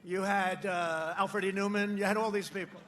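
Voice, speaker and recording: High, bright-voiced man shouting at a rally. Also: fairly even intonation, moderate pace, a little hiss or hum. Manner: boastful, mocking, repetitive, shouting over a crowd. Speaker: politician addressing a rally crowd. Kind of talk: campaign rally speech. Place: large outdoor rally.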